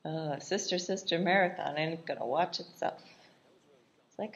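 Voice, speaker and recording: A woman's voice: low voice, moderate pace, muffled recording. A woman casually commenting while she watches a movie, laughing often in a chatty, irreverent way. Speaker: vlogger reacting to a film.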